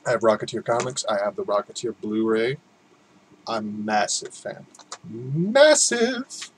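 A man's voice: lowish voice, flat delivery, normal speed, a little hiss or hum, poor audio. A man doing casual unboxing commentary, rambling, joking at his own expense, and swearing freely. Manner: rambling, self-mocking, swears a lot. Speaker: unboxing vlogger.

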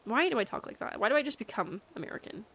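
A woman's voice: on the high side, sing-song, fast, a bit bright. A woman livestreamer chatting casually with her chat while gaming, rambling and filling her talk with likes and ums.

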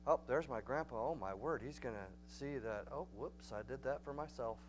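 A man with a Texan accent preaching a Bible study in a church, folksy and emphatic, building to loud, urgent peaks. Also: mid-range voice, moderate pace, faint music behind. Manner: folksy, emphatic, rising to near-shouting peaks. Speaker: pastor. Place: church sanctuary.

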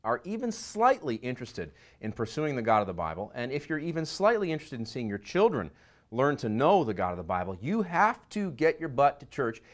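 A middle-aged man, a pastor, preaching a sermon that swings between quiet asides and loud emphasis. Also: mid-range voice, sing-song, brisk.

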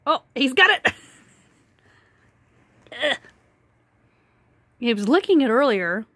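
A woman with a very high, bright voice talks to her cat in a slow, playful, teasing way and laughs often. Her pitch swings widely. The sound is dry and close, recorded indoors at home. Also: very animated, no room sound. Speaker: pet vlogger. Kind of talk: casual talk to her cat.

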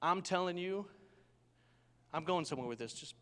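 Young guy preaching, fairly high voice, lots of stories, keeps asking for amen, big echoey church hall. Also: normal speed, clean tone. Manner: animated storytelling, calls for amen. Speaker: pastor. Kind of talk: sermon.

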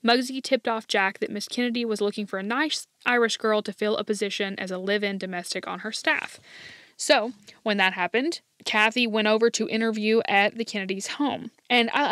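A woman's voice: medium pitch, no room sound. Chatty woman podcast host, dry sound. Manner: chatty, animated retelling with quoted voices. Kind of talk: casual storytelling.

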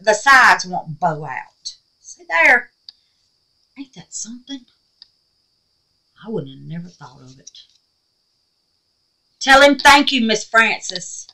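A woman's voice: mid-range voice, pushed and bright, low-quality recording. A woman chatting casually to her viewers as she shows off gifted craft supplies, effusive and affectionate, calling them honey and baby and muttering to herself as she handles things. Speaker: resin craft vlogger. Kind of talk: casual chat showing gifts.

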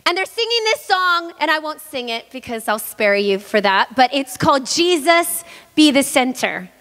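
A woman pastor in her thirties from Hawaii, preaching a sermon in a lively, chatty way and joking with the congregation. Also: high-pitched, normal speed. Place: church hall. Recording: long church-hall reverb.

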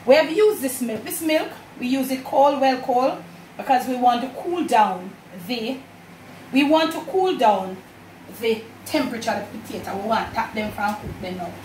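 This home cooking demonstration features a woman with a Jamaican accent talking warmly to viewers as family. Her voice is on the high side and a little mellow, at a moderate pace. The distant mic picks up kitchen echo, clattering pans and dishes, and a little hiss or hum.

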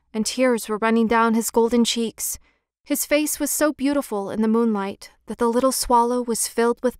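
Woman reading a fairy tale aloud, kinda high, really smooth clear voice, dry close sound. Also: no room sound. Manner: gentle, expressive read-aloud. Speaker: audiobook narrator. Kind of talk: storybook narration.

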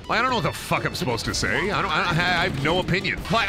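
Brief: exasperated male game streamer, high-pitched for a man, chatting over game music. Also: sing-song, fast, few pauses. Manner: rambling, heavy swearing, exasperated. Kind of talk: casual stream chat.

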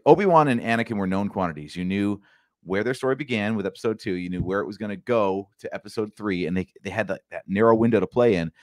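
A man co-hosting a podcast in casual chat, talking in a measured, wry way. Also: on the low side, no room sound, studio quality. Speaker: podcast co-host.

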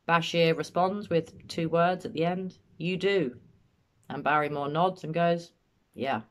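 A woman commenting on an interview clip, analysing body language in a measured, matter-of-fact way. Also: low voice. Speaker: true-crime commentator.

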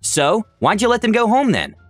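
A man's voice: high voice, huge pitch swings, normal speed, fairly bright tone, no echo, faint music behind, pitched above the performer's own voice, full character voice. A man voicing a drunk, entitled woman customer who keeps demanding and questioning. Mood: insistent. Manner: whiny, insistent questioning.

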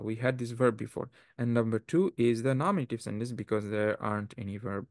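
Male teacher, gravelly and dry, explains grammar patiently and quizzes students. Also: medium pitch, no room sound. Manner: patient, explanatory, asks the class questions. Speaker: Arabic teacher. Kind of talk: classroom lesson explaining grammar.

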